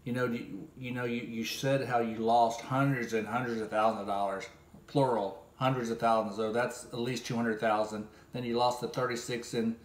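A man in an echoey room delivering a sarcastic, scolding critique monologue in a mid-pitched voice. He talks in a casual, conversational way and now and then bursts into loud mimicry. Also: flat delivery, normal speed.

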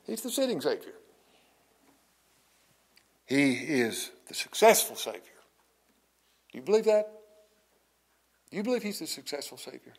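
A middle-aged male pastor preaching a sermon slowly and emphatically, with long dramatic pauses and drops to near whispers. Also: a little high, a little mellow.

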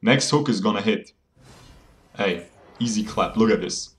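Low-voiced and unhurried, this young guy streams games with playful, joking commentary. He brags, laughs a lot, and addresses viewers as "boys."

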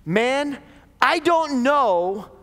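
Man playing a frantic, bewildered disciple, high strained voice, pleading, echoey hall. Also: animated, drawn-out words, a bit bright, heavily acted. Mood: evasive, defensive. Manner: pleading, raised urgent voice. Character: distraught male disciple Peter, pleading, confused.

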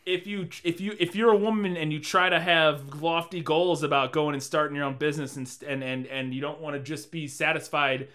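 A man co-hosting a casual movie-review podcast, animated and profane, often laughing and acting out lines from the film. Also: on the high side, a little fast, hardly any pauses. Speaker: podcast co-host.

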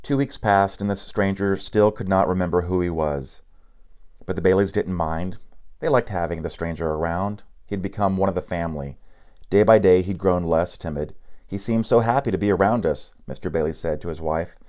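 A man with a low voice reads a picture book aloud. His pace is steady and unhurried, with a few slips and restarts along the way. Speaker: narrator.

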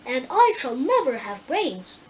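A woman's voice: high-pitched, very animated, measured pace, slight background noise, rough recording. A woman voicing a humble, self-doubting male scarecrow in a storybook reading. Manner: modest, self-deprecating tone.

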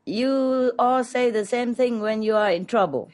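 A woman's voice: a little high, a little slow, background noise, voice pushed up, natural voice. A woman voicing God as a weary voice from above, dryly refusing and bargaining as she tells a joke. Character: weary all-knowing God, male voice from above.

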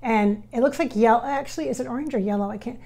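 A woman working as a spirit medium, talking her viewers through a casual channeling session in a halting, filler-heavy way. She often drops into soft, near-whispered asides. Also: on the high side.

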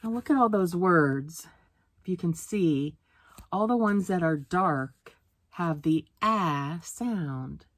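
Slow, careful woman teacher reading aloud. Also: fairly low pitch, expressive. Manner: slow, sounds out words letter by letter. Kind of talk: reading a picture book aloud for a phonics lesson.

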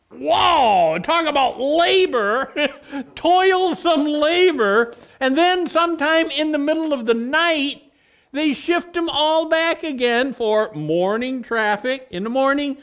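Middle-aged male pastor, deliberate pace, relaxed teaching sermon with homely anecdotes. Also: very high voice. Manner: conversational, explains word meanings with everyday stories.

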